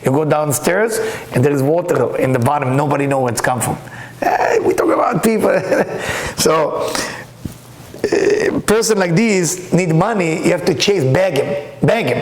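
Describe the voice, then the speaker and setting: A man teaching a Kabbalah class, reading Hebrew texts aloud and explaining them with lively stories. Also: a little high, measured pace. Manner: animated, reads Hebrew text aloud and explains it. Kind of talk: lecture with storytelling. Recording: echoey room.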